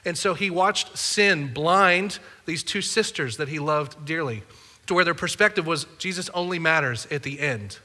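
A man's voice: fairly high pitch, moderate pace, pushed and bright, big-room sound. A man preaching a sermon as a pastor, conversational and playful with the congregation. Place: church auditorium.

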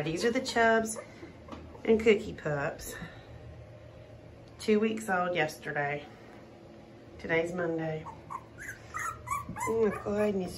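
A woman showing a litter of puppies in a casual vlog, talking softly and often dropping to a cooing whisper. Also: on the low side, noisy background. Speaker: dog breeder showing puppies.

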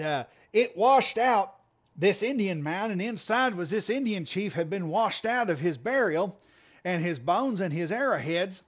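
A man's voice: high-pitched, muffled recording, voice pushed up. A man voicing a very old, nearly toothless country man who drawls and stammers through a rambling answer.

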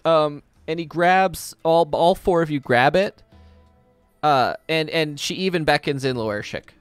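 A man's voice: on the high side, unhurried, clear, resonant tone, no room sound, faint music behind. A man narrating a tabletop game as game master, describing scenes vividly with many fillers.

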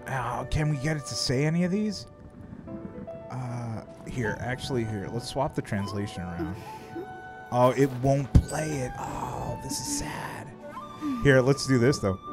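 A man's voice: mid-range voice, lively intonation, a little slow, over music. A man streaming a game, chatting casually, swearing freely and laughing often as he rambles with restarts. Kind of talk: casual live-stream chat while gaming.

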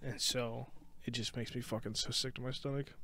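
A man's voice: mid-range voice, steady tone, fairly quick, crowd noise. A young man co-hosting a podcast, chatting casually, swearing freely and drifting into tangents. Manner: rambling, profane, goes off on tangents. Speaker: podcast co-host. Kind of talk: casual chat.

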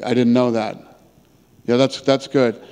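A blunt, casual middle-aged man fields questions from reporters, stumbling and restarting his words as he goes. His mid-pitched voice rings out with a long reverb in a large room. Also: fairly even intonation, unhurried, darkish tone, clean tone. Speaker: promoter answering press questions. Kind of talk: press conference answers.

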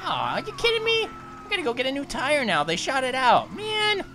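A woman hosting a let's play, giggly and playful, often shouting at the game. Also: sits high, huge pitch swings, normal speed, background noise. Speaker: gaming host.

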